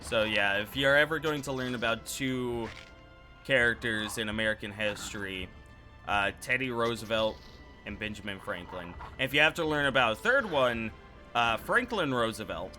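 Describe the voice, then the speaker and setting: A man's voice: mid-range voice, lively intonation, moderate pace, pushed and bright, faint music behind. A man streaming a game and telling a rambling, loose story with frequent self-corrections. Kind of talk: casual storytelling while gaming.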